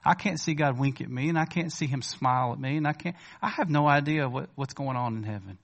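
A man preaching a sermon in a church, talking conversationally to the congregation and rising to emphatic questions before dropping to quiet asides. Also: mid-range voice, brisk, creaky. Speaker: pastor.

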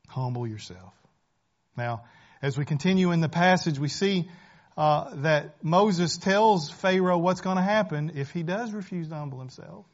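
Man preaching, slightly high voice. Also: moderate pace, lo-fi sound. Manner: conversational preaching, rising to emphatic and dropping to hushed. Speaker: pastor. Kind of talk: sermon.

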